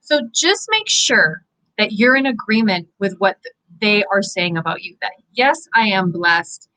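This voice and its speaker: A Canadian woman, a psychic medium, giving an earnest, encouraging inspirational talk to viewers, animated and full of fillers. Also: mid-range voice, moderate pace, rough recording. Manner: animated, gestures with her hands. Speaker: psychic medium hosting live angel readings.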